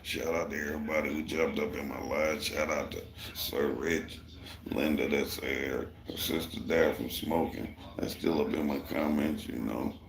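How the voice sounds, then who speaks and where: Deep-voiced man, profane and heated. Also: fairly even intonation, normal speed, creaky. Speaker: construction worker and livestreamer. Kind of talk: casual storytelling on a live stream. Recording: roomy echo.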